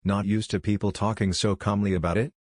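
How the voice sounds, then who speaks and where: A man voicing a calm, teasing male cat god with a scratchy voice in a read-aloud story. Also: fairly low pitch, fairly quick, no room sound, clean studio sound, lightly acted.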